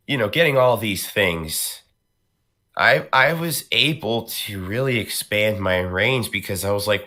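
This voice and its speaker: Deep-voiced man, bright and lively. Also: measured pace. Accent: New York. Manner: animated storyteller, slips into character voices. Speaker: voice actor. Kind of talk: casual podcast chat.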